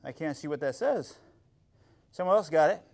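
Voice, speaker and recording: A man teaching a live-streamed karate class for young beginners, calmly explaining moves between sharp shouted counts and kiai. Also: a little high, moderate pace, gravelly. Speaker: karate instructor. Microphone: phone or laptop for a live stream.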